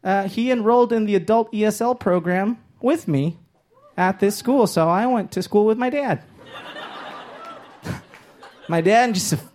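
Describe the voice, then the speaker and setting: High-voiced stand-up comedian from Los Angeles. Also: male voice, moderate pace, long pauses, slight background noise. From Los Angeles, Inglewood. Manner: loud punchy delivery, big swings into shouted character voices. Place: comedy stage before a live audience. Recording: live stage mic, crowd laughter.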